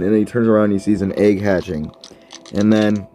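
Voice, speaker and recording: A man's voice: lowish voice, fairly even intonation, brisk, warm tone, slight background noise. A man giving offhand, rambling commentary while playing an app game, full of fillers and restarts.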